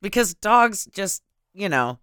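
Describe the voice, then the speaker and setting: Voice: mid-range voice, sing-song, takes it slowly, bright, forceful tone, clean tone, dry recording, studio quality. A co-host on a casual movie podcast, chiming in with teasing corrections and jokes. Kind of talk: casual movie-riff chat.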